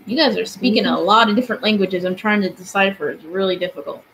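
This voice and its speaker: Young woman in her twenties, casual streamer who talks to spirits, mid pitch, faint hiss. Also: quick pace, a bit bright, rough recording. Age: 20s. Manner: chatty, asks spirits questions aloud. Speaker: paranormal streamer. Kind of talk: casual live-stream chat. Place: bedroom.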